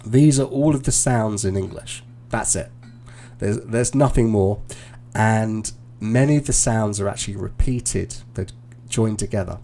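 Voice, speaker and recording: A man with a gravelly, creaky voice gives a student feedback during a live online lesson. He is relaxed and encouraging and often pauses, restarts and fills gaps with "um" as he explains. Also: on the low side, slight background noise. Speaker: IELTS teacher and examiner. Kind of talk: live-streamed feedback after a mock speaking test.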